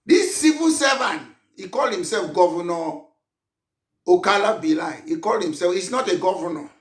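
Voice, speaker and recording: A man from Anglophone Cameroon with a Cameroonian English accent, a political leader giving an impassioned, emphatic speech with bursts of shouting. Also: high-pitched, animated, normal speed, echoey room.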